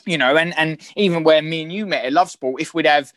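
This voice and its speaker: A man with a London accent, a guest actor chatting in a rambling, halting way with many restarts. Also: a little high, fairly bright tone, no echo. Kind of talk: casual chat.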